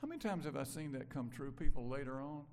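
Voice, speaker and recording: An older man from Mississippi, preaching a conversational sermon that moves from loud emphasis to quiet asides. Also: mid-range voice, lively intonation, quick pace. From Mississippi, USA. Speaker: pastor.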